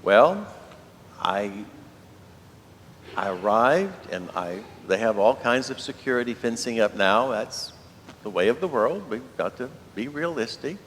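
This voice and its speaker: A man's voice: sing-song, unhurried, fairly bright tone. A man, a priest giving a homily in an easygoing, storytelling way with rhetorical questions. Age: 70s. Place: large church. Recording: long church reverb, faint rumble.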